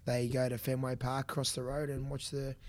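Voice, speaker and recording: A man's voice: mid-range voice, completely flat delivery, fairly quick. An Australian man co-hosting a running podcast, chatting casually and teasing his co-host. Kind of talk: casual chat.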